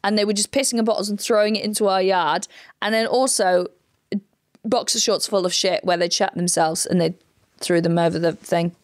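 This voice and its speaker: A woman comedian co-hosting a podcast, telling a crime story in a casual, animated way and swearing freely. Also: medium pitch, a little fast, no echo, studio quality. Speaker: comedian co-host retelling a true crime case.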